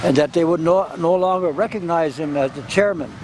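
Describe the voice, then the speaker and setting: A man recounting past events as oral history, speaking haltingly and often repeating and restarting his words. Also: a little high. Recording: wind noise on the mic.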